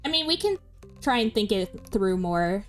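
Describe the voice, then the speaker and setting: A woman's voice: medium pitch, big pitch swings, moderate pace, soft background music. A young woman streaming a game, chatting casually with a co-player, agreeing often and giggling as she thinks aloud. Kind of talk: casual let's-play chat.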